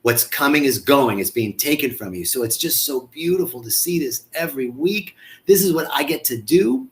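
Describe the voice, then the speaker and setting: A man's voice: mid-range voice, lively intonation, moderate pace. Effusive man hosting a live stream. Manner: effusive, greets viewers by name, stumbles and repeats words. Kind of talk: casual live-stream talk.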